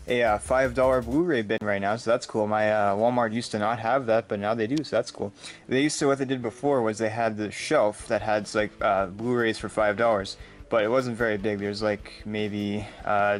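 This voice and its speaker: A young man from the United States, rambling and joking through a casual vlog at home, with many fillers. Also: fairly low pitch. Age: young adult. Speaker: vlogger. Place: home room.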